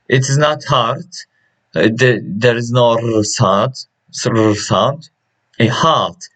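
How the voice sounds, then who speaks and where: Slow, hesitant man teaching pronunciation. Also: medium pitch, fairly bright tone, low-quality recording. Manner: slow and hesitant, many restarts and uh fillers. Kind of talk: pronunciation lesson.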